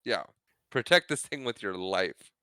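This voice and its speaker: A man co-hosting a podcast, casually recapping a movie, laughing often and acting out quick bits of dialogue. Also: fairly low pitch, expressive, bright, forceful tone, clean tone, dry recording, clean studio sound. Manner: retells scenes with quick acted-out quotes, laughs often. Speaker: podcast co-host.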